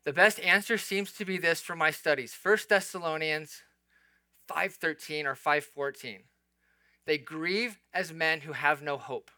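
A man's voice: on the high side, sharp tone, no room sound. A man preaching an expository sermon, explaining the text in an earnest, conversational way with asides to the listeners. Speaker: pastor.

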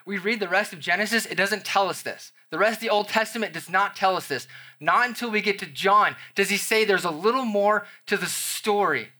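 Bright, lively man preaching a sermon. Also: high-pitched, a little fast. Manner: energetic, conversational preaching with playful asides. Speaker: pastor.

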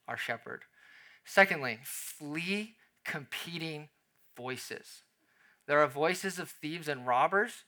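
A man preaches a sermon as a pastor, animated and conversational, acting out little scenes with quoted voices. His pitch is fairly high.

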